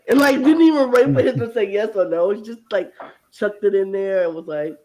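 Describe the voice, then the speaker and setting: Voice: medium pitch, a little fast, poor audio. A podcast co-host chatting casually and recapping an episode, acting out quotes with lots of energy. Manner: animated storyteller who acts out quotes.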